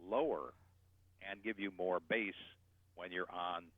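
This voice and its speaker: A man explaining voice technique as a guest voice coach, animated and shifting his loudness to demonstrate. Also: sits low, a little slow, no room sound. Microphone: telephone. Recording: tinny phone line.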